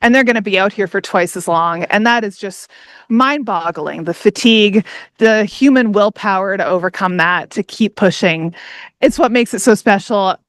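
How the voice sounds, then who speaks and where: A woman in her thirties from Canada cheerfully commentating a race livestream, chatty and full of enthusiasm. Her voice sits at an ordinary middle pitch. It is recorded dry and close, with little room sound. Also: moderate pace, no echo. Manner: enthusiastic, chatty, laughs often. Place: outdoor aid station.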